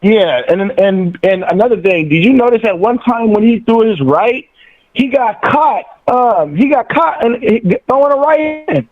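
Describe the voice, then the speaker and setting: A man on a tinny phone line talks animatedly in slang, repeating himself as he builds up his point. His voice sits high for a man. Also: animated, a little slow. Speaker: caller, friend of the host. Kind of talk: casual call-in chat.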